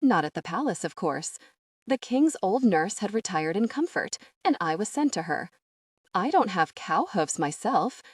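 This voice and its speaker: A woman voicing a gentle, humble elderly fairy godmother whose voice shakes as she talks apologetically. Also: mid-range voice, big pitch swings, unhurried, slightly rough, dry recording, clean studio sound. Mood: tearful. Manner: soft, apologetic, with a shaky voice.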